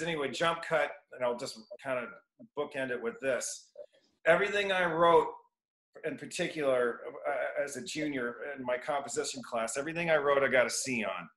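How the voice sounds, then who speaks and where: Bright-voiced man telling rambling stories. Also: medium pitch. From Iowa, United States. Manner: rambling anecdotes, restarts sentences, acts out quoted voices. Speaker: guest educator. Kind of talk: casual storytelling interview. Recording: roomy echo.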